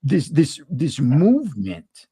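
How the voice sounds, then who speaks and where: A man hosting a casual talk show, animated and repeating himself when worked up. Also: a little high, slow pace, husky, no echo, clean studio sound. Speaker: podcast host. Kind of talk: casual opinion chat.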